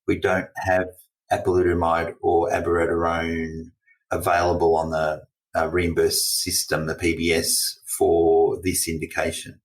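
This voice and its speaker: A man from Australia hosting a roundtable discussion, asking questions in a relaxed, chatty way. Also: low-pitched, a little slow. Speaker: host. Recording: distant from the mic.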